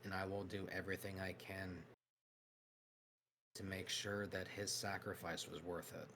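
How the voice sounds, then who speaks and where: A man voicing a steadfast male robot warrior with a very deep, gravelly voice. He speaks gravely and deliberately, and he means every word. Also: little pitch movement, pushed and bright, a little hiss or hum, full character voice. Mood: solemn. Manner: grave, measured, earnest.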